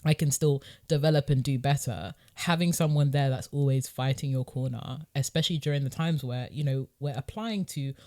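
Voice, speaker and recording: A young woman co-hosting a podcast in a casual chat, lively and affirming, with slangy talk. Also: a bass voice, fairly quick, hardly any pauses. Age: young adult. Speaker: podcast co-host.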